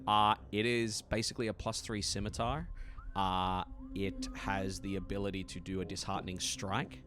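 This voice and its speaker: A man narrating as game master in a one-on-one tabletop game, relaxed and filling pauses with frequent "uh" sounds. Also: low voice. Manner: relaxed, many "uh" fillers, quick laughs.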